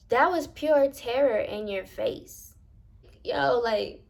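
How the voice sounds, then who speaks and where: With a slightly high voice and vocal fry, a young woman slowly narrates a paranormal experience of her own for her viewers. She's dramatic and animated, talking straight to them and swearing freely.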